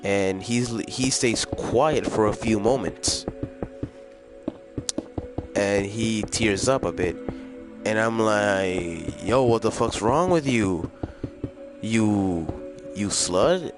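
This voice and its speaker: A young man telling a casual storytime, rambling and crude, full of loose fillers. His voice is fairly low and unhurried, and music plays behind him throughout. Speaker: storytelling vlogger. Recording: music playing in the background.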